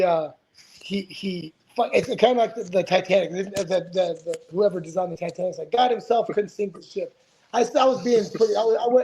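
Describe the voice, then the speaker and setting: A man's voice: sits high, warm tone, a little hiss or hum, low-quality recording. A man in his forties, a retired fighter, telling stories as a podcast guest in a rambling, profane way, full of restarts. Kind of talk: casual storytelling interview.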